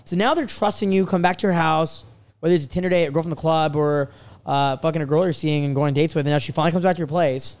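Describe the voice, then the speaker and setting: A man hosting a podcast, telling stories in a brash, profane, animated way. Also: a little high, fast talker, smooth. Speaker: podcast host and dating coach. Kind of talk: casual podcast chat.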